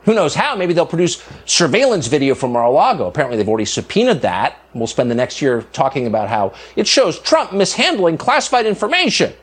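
Sarcastic husky male cable-news pundit. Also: fairly high pitch, very animated, brisk, few pauses. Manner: mocking, outraged rhetorical tone. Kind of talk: televised opinion monologue. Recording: broadcast clip played on a show.

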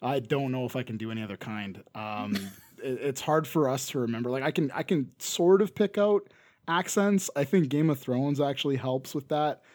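A man with a Canadian accent chatting loosely as a podcast co-host. He rambles, circles back on himself and restarts sentences as he goes. His pitch sits at an ordinary middle level for a man. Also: moderate pace, a little mellow. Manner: rambling, restarts often, laughs between remarks. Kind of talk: casual chat.

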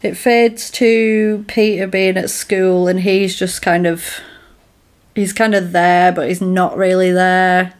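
A woman casually retelling a film's plot to a friend, animated and full of "like" fillers. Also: on the low side, takes it slowly. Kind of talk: casual film recap chat.

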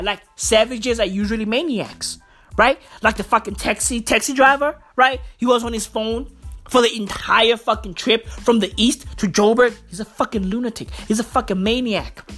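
A woman's voice: fairly high pitch, fairly bright tone. A woman delivering a profane comic rant, emphatic and swearing constantly, peppered with "bro.". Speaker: vlogger.

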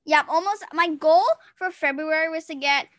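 A young woman hosting a casual podcast chat, excitable and giggly. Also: high voice, moderate pace. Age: young adult. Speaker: podcast host.

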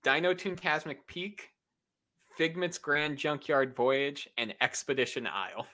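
A man's voice: on the high side, a little slow, sharp tone. A man hosting a casual podcast game, upbeat and laughing often as he reads out lists to his guests. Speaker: podcast host running a naming game. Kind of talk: casual chat.

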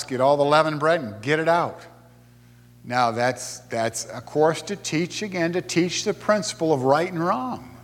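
A man's voice: medium pitch, a bit bright, big-room sound. A male pastor teaching a sermon in a conversational way, explaining Bible verses and reading scripture aloud.

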